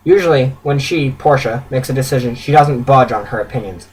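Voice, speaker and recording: A man's voice: mid-range voice, a little fast, hardly any pauses, husky, low-quality recording. A man reading his own written story aloud in an earnest way, with stumbles and self-corrections.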